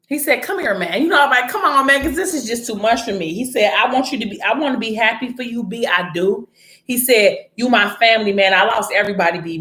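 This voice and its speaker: Blunt, chatty woman in an echoey room. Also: medium pitch. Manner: blunt, animated, frequent profanity and slang. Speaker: vlogger recapping a TV series. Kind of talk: casual chat retelling a story.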